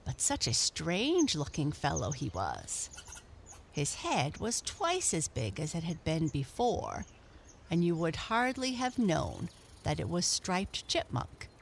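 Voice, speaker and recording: A woman storyteller reading a children's story aloud in a gentle, expressive way. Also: on the low side, a little hiss or hum.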